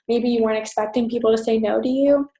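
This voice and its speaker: Young woman, motivational orientation talk, quick and chatty, slightly high voice, roomy echo. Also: fairly even intonation, mellow. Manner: fast, chatty, upbeat, lots of "um" and "you guys". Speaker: team leader giving orientation. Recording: echoey room.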